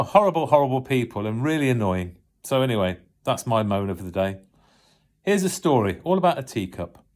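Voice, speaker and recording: A man giving an informal home sermon, chatting before telling a story. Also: mid-range voice. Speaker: preacher.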